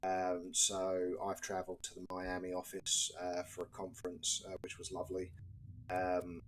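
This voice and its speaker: A man's voice: deep voice, monotone, moderate pace, a little hiss or hum. A British man casually commentating his game stream with dry, wry asides. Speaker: gaming live streamer.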